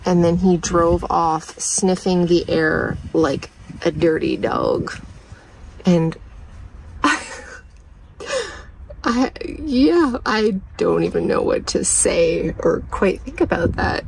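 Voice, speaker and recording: A woman vlogging casually from inside a parked car, chatting to viewers and cooing at her dog in a high sing-song voice. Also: takes it slowly, vocal fry, pauses often, slight background noise, rough recording. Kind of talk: casual chat.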